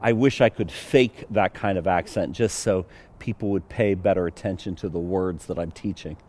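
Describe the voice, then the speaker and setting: A man's voice: deep voice, fairly even intonation, moderate pace, darkish tone. A male pastor with a Pittsburgh accent preaching a sermon in a conversational, joking way with fillers.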